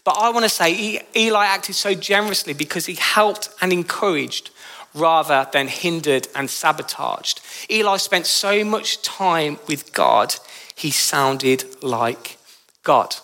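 A male pastor with a Birmingham accent preaching in church, telling stories emphatically and lifting his pitch on key phrases. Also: measured pace, bright, forceful tone. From Birmingham, England. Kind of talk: sermon.

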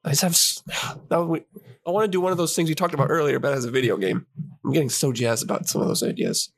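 Excitable, husky-voiced man riffing. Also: on the high side, quick pace. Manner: excitable, rambling with restarts. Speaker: podcast co-host. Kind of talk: casual chat.

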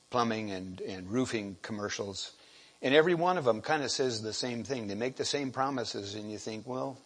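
A man giving a sermon, halting and repeating words, often clearing his throat. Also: fairly low pitch, rough recording. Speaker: lay preacher.

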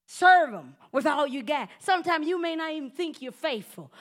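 A woman's voice: high voice, animated, a little slow. A woman preaching a sermon in a conversational, humorous way, speaking straight to her listeners and acting out everyday scenes. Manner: conversational, addresses listeners directly.

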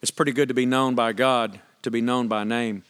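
A pastor preaching a sermon, reading scripture aloud and asking the congregation questions in a conversational, emphatic way. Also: male voice, medium pitch, fairly even intonation, brisk, fairly bright tone, clean tone.

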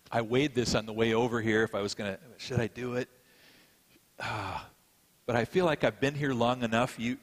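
Middle-aged pastor preaching. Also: male voice, mid-range voice. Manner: conversational storytelling, self-deprecating. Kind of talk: sermon. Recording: long hall reverb.

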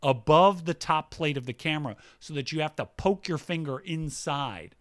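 A man's voice: fairly high pitch, moderate pace, fairly bright tone. A man co-hosting a casual talk show, reading listener emails aloud with his own asides. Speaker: podcast co-host reading listener mail. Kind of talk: casual chat.

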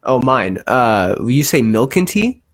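A man's voice: mid-range voice, very animated, a little slow, no echo. A young adult man hosting a podcast, chatting casually and reading a sponsor spot in a rambling, joking, profane way. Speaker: podcast host.

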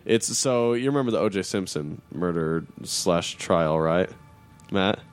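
Low-voiced man, blunt casual chat. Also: lively intonation, unhurried, clean tone. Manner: swears often, blunt and grumbling. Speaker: podcast co-host.

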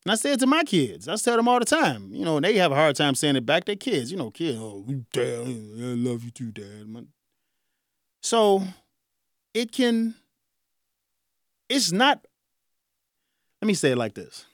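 A man in his forties hosting a radio talk show, speaking in a casual, animated way with frequent chuckles. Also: high voice, moderate pace, long pauses, no echo, clean studio sound. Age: 40s. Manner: animated, conversational, chuckles often. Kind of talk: solo talk radio monologue.

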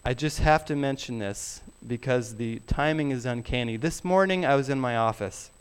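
A middle-aged man preaching a sermon, emphatic and deliberate, sometimes dropping his voice very low. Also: smooth. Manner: slow, emphatic preaching with soft drops to near whisper. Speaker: pastor.

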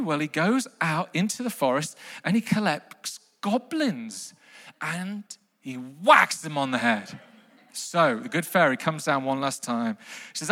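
A man preaching a lively sermon to a congregation, telling a children's story with big bursts of mock outrage. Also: fairly high pitch, measured pace. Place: large hall with long reverb. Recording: live sermon in a reverberant hall.

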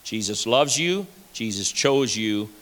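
A man's voice: on the low side, animated, slow pace. A pastor preaching a fervent sermon to his church. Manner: fervent preaching, rising to shouts. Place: church sanctuary. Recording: hall reverb.

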